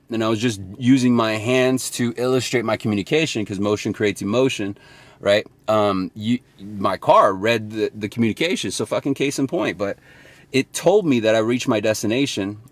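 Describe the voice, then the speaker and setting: A man's voice: on the low side, dry recording. A young man giving casual sales advice from his car, rambling and swearing now and then. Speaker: sales coach vlogger. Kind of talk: casual motivational talk.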